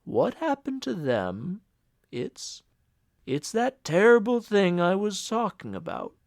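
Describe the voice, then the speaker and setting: A man voicing a cold, pious middle-aged uncle who murmurs slowly and solemnly. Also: wildly swooping pitch, gravelly, no echo, studio quality, full character voice. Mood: accusing. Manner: low, murmuring, slow and heavy.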